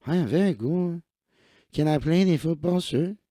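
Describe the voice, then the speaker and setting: A man's voice: on the high side, moderate pace, warm tone, no echo, clean studio sound, natural voice. A man voicing an eager young Mexican man who wants to play football, speaking broken English in a put-on Mexican Spanish accent. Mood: earnest. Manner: broken English, earnest and boastful.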